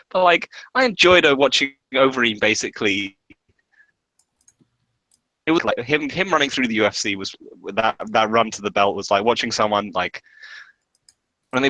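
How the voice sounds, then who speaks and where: A man's voice: on the low side, bright, forceful tone, dry recording, rough recording. A man co-hosting a podcast in casual chat, rambling and restarting his sentences. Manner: rambling, restarts often, uses many fillers. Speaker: podcast co-host. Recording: dry close podcast mic.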